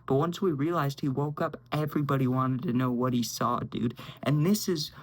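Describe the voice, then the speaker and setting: A man's voice: mid-range voice, normal speed, rough recording. A young man casually telling a story, rambling and saying "dude" constantly while acting out what others said. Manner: rambling, says "dude" constantly, acts out quotes.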